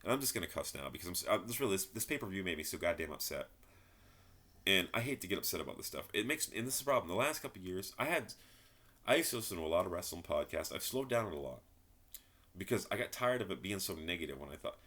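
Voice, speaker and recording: A man's voice: sits low, very animated, fast, sharp tone. A man giving a frustrated, rambling wrestling review, swearing and repeating himself. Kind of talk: ranting solo commentary.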